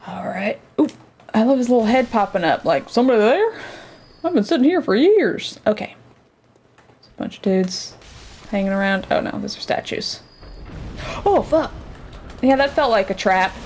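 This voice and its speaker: A woman's voice: medium pitch, expressive, moderate pace, long pauses. A woman streamer chatting casually and reacting aloud as she plays a game. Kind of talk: casual let's-play commentary.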